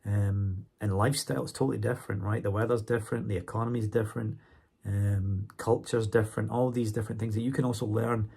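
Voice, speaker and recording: A man's voice: fairly low pitch, steady tone, fast talker, vocal fry, darkish tone, slightly rough. A man talking casually to his viewers in a vlog, chatty, often checking in with "okay?" and "right?". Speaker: vlogger and English teacher.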